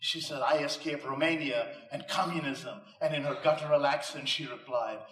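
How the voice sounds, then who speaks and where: A man's voice: medium pitch, moderate pace, few pauses, fairly bright tone, recorded from a distance. A man giving an emphatic, rhetorical inspirational speech to a live audience, mixing in punchline jokes. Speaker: motivational speaker. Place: live venue before an audience. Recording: echoey room, voice off mic.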